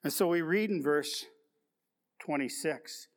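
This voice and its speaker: A man's voice: fairly high pitch, slow. A male pastor delivering a sermon, reflective and full of rhetorical questions and repeated key words. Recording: long reverb of a large hall.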